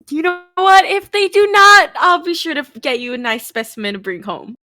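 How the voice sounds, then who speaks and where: A woman's voice: high-pitched, sing-song, brisk, pushed and bright, dry recording. A woman playing a tabletop game, giggly and playful. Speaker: player.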